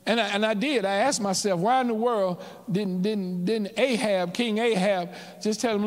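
A man with a high voice preaches a sermon at a moderate pace, barely pausing, his words echoing through the church hall. As pastor he calls to the congregation, rising and dropping in waves of call-and-response.

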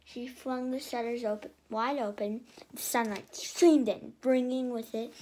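A woman reading a children's storybook aloud in a lively way, often stumbling and restarting. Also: on the high side, a little slow, slight background noise. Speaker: reader.

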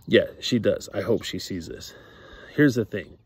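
A man's voice: sits low, takes it slowly, creaky, slightly rough, dry recording. A man talking casually to camera about faith, rambling with many fillers and repeated words. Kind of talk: casual religious monologue to camera.

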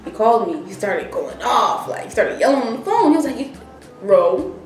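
Her voice is fairly high and a little fast as this young woman vlogger relates a casual story, performing each person's dialogue with lively energy. Faint music, a roomy echo and a far-off microphone color the recording.

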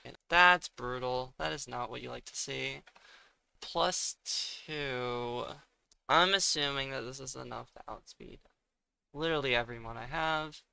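A young man talks himself through a match at an unhurried pace, his voice gravelly with fry. His tone is bright and smooth. He mutters his thinking aloud and breaks into exasperated outbursts now and then. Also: mid-range voice. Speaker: gaming streamer. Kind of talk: casual gameplay commentary.

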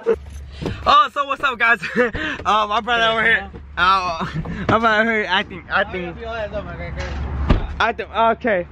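A young man vlogging casually at a family party, slangy and excitable, tipsy, mixing in Spanish words. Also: high-pitched, a little slow, long pauses, slight background noise. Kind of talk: casual vlog chat. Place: outdoors at a family party on a ranch.

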